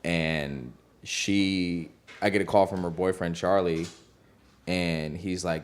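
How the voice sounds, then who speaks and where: A man's voice: low voice, steady tone, slow pace, clear, resonant tone. A man, a music producer, telling a studio story in a loose, slangy way, heavy on "like". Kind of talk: casual storytelling.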